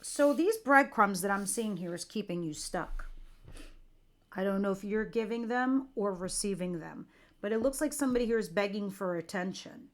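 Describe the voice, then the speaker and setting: A woman's voice: mid-range voice, lively intonation, moderate pace. A middle-aged woman giving a casual, chatty tarot reading, talking straight to her viewers with light jokes. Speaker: tarot reader.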